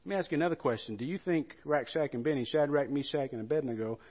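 A man preaching a sermon as pastor, telling the story with animated rhetorical questions to the congregation. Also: on the high side, quick pace, lo-fi sound.

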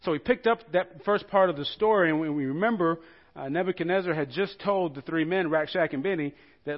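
A man preaching a sermon as pastor, telling the story with animated rhetorical questions to the congregation. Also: a little high, a little fast, highs cut off.

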